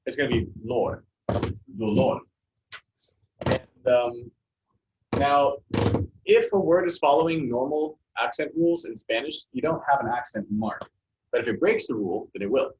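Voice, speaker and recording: A male teacher talks his class through Spanish pronunciation, pausing often with ums and uhs. The recording is dull and lo-fi, with a faint hiss. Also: mid-range voice. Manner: relaxed, halting explanations with many fillers. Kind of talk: classroom lesson.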